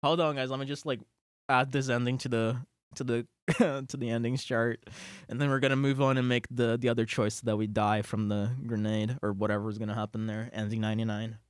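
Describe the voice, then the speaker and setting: An excitable game streamer giving live-stream commentary, thinking aloud, swearing and laughing between words. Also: medium pitch, fairly quick, clear, resonant tone, no room sound, clean studio sound.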